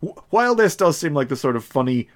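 A man co-hosting a casual podcast, animated, laughing often and acting out characters. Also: on the high side, fast. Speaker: podcast co-host. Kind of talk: casual comic chat.

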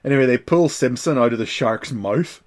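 A man co-hosting a casual chat about comics, animated, laughing often and slipping into pirate voices. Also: medium pitch, fairly quick, slight background noise. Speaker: podcast co-host.

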